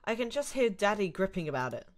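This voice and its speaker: A woman's voice: mid-range voice, sing-song, quick pace, close to an everyday voice. A British woman voicing a sassy young female college student in her own exasperated voice, reading a visual novel aloud. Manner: exasperated, chatty.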